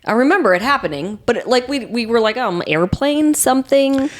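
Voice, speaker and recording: A woman's voice: on the high side, brisk. A woman co-hosting a podcast, telling a story in casual chat through a headset mic, with lots of fillers. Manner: animated storytelling, many fillers. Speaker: podcast co-host.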